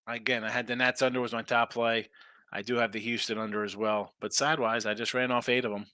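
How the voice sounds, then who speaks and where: This sports betting show host has a mid-range voice, a sharp tone and a flat delivery, captured at studio quality with no echo. Brash and sarcastic, he talks fast and keeps things casual as he reads out the live-stream chat.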